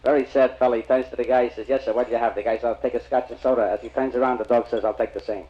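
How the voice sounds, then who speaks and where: A man telling jokes on stage in a brisk, punchline-driven storytelling manner. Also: mid-range voice, steady tone, dull audio. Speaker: stand-up comedian. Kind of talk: rapid-fire joke telling.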